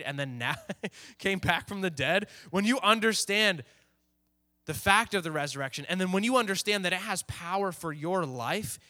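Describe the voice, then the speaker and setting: Preaching to a youth group, this youth pastor speaks with a fairly high, bright voice and a forceful tone. He keeps things conversational, frequently playing out the inner voices of teens and what they say.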